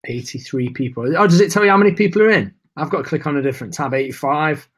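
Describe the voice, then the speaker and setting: A man's voice: on the high side, fast, breathy edge. A man hosting a live webinar, chatting casually and greeting viewers by name, a bit nervous. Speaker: webinar host.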